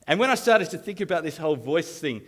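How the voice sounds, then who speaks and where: Australian male youth leader, a touch high-pitched, animated and self-deprecating, live stage talk. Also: quick pace. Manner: animated, self-mocking storytelling, chuckling often.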